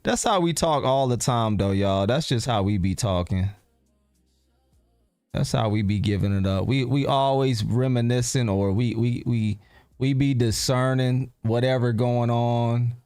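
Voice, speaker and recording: A man's voice: mid-range voice, measured pace, darkish tone, clean tone, no echo, soft background music. Laid-back man hosting a live stream. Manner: laid-back, rambling, talks to viewers. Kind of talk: casual live stream chat.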